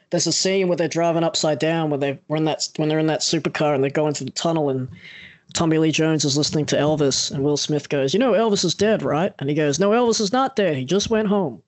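A man's voice: a little high, dry recording. A young man hosting a casual podcast interview, telling stories animatedly, swearing freely and acting out quoted lines. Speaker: podcast host.

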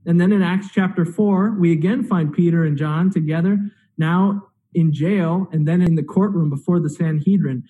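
A man's voice: fairly high pitch, fairly even intonation, normal speed, few pauses, narrow, tinny audio. A man preaching a sermon, retelling a story with acted-out quotes and rhetorical questions. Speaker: pastor.

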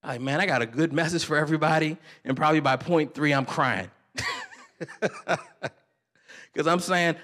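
A man preaching a sermon, moving between loud, rising exhortation and quiet, confessional storytelling, with casual slang and self-deprecating asides. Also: a little high, wildly swooping pitch, normal speed, long pauses. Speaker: pastor.

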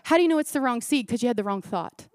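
A woman pastor delivers a sermon with a high, bright-pitched voice. She presses her points with repeated phrases and rhetorical questions to the congregation. The sound is close and dry, with little room echo. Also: expressive, quick pace. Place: church service.

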